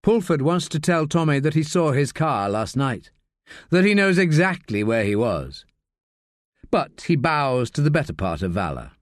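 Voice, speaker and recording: A man narrating a crime audiobook in an expressive, measured way. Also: a little high, no room sound, clean studio sound.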